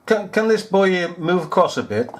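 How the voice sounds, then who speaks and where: A man's voice: high-pitched, lively intonation, moderate pace. A man giving sarcastic, incredulous commentary over news footage, often repeating himself. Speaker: video commentator.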